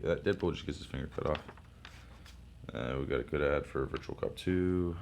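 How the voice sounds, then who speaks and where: Young man, deep voice, casual comic commentary, excitable, profane, rambling. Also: normal speed, vocal fry, slight background noise. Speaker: comic book reviewer.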